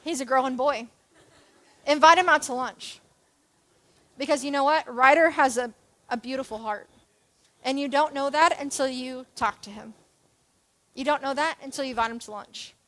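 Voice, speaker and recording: High-voiced young woman preaching, chatty and jokey. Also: normal speed, long pauses. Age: young adult. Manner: chatty, self-deprecating, animated with jokes and asides. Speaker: church youth and kids leader. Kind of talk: sermon.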